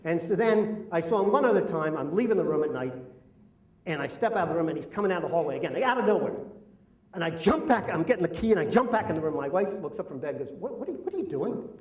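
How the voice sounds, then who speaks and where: A man's voice: a little high, animated, quick pace. A middle-aged man telling a self-deprecating, complaining comic story at a live story slam. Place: live event venue. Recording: roomy hall, mic at a distance.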